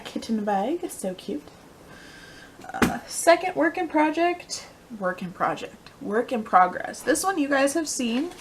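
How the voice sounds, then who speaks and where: A young woman hosting a casual knitting podcast, rambling and chatty with lots of ums and quiet asides. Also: high voice, slight background noise, rough recording. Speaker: podcast host.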